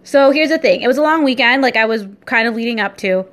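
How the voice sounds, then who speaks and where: A young woman vlogger and entrepreneur talking casually in a daily vlog, upbeat, chatty and easily excited. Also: fairly high pitch, fast talker.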